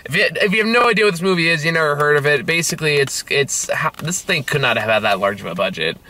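A man co-hosting a casual movie review chat, animated and quick to laugh. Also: fairly high pitch, slight background noise. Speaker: podcast co-host.

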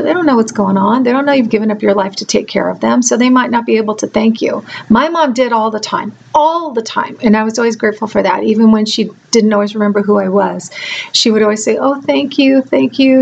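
A middle-aged woman vlogger speaking gently and earnestly to caregivers, emotional and close to tears. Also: fairly high pitch, gravelly, a little hiss or hum. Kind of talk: heartfelt direct-to-camera talk.

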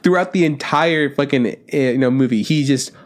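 A man's voice: mid-range voice, moderate pace. Young man retelling scenes, swearing loosely. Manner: loose, profane, acts out scenes in quoted voices. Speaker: podcast co-host. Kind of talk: casual chat.

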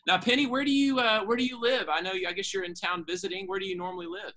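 A man leading a children's chapel talk, chatting gently with a puppet and telling a story. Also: high-pitched, fast talker. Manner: gentle, animated, talks to a child. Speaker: school chapel leader.

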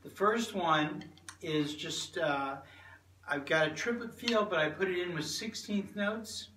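A man giving a casual drum lesson in a relaxed, halting way, with many fillers. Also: sits high, recorded from a distance, slight background noise. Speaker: drum teacher. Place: room with drum set. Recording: roomy, from off-mic, loud drums.

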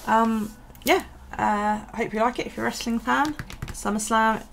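Gravelly, tired woman vlogger. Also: fairly high pitch, normal speed, a bit bright, slight background noise. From United Kingdom. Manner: rambling, hesitant with many ums and restarts. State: tired, yawning. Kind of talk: casual chat over a journaling video.

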